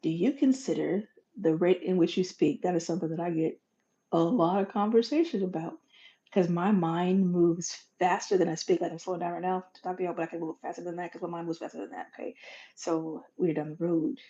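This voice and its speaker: Woman doing a folksy pep talk, mellow low voice, goes quiet then loud, muffled lo-fi sound. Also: brisk. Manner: animated, folksy, swings from loud bursts to soft whispers. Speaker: podcast host. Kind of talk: motivational monologue. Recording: dull lo-fi recording.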